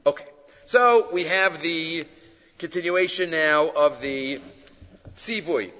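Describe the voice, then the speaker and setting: A man teaching a Torah class as a rabbi, an animated storyteller who mixes Hebrew phrases into his English. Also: fairly high pitch, takes it slowly, big-room sound, lo-fi sound, slight background noise. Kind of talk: Torah class with retold stories.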